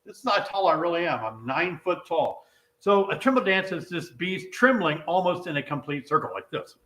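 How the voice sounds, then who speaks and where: A middle-aged man hosts a casual beekeeping live stream in a fairly high, brisk voice. He's playful and teasing, throwing out animated exclamations, though an illness leaves him short of breath and coughing.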